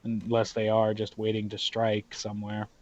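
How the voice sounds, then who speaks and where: A man from the Southern US with a Southern accent, chatting excitably and swearing while playing a game. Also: fairly low pitch, moderate pace. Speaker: let's play host. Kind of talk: casual gaming chat. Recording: dull lo-fi recording.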